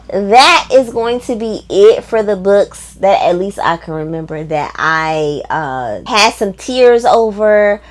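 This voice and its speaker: A woman book vlogger talking casually and emphatically, with lots of fillers and frequent laughs. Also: medium pitch. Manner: chatty, emphatic, many fillers; reads quotes in a voice, laughs often. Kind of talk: casual book review chat.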